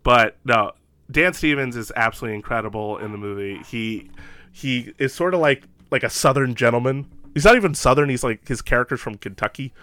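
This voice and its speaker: A man's voice: medium pitch, fairly quick, sharp tone. A man co-hosting a casual podcast from home, rambling with enthusiasm and lots of fillers. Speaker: podcast co-host. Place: home room.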